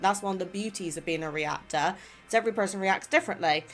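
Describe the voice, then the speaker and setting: A woman from England with a West Country accent touched by American, chatting casually and rambling as she reads out viewer comments on her gaming channel. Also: mid-range voice. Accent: English West Country with some American. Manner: chatty, rambling, self-doubting. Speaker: gaming YouTuber.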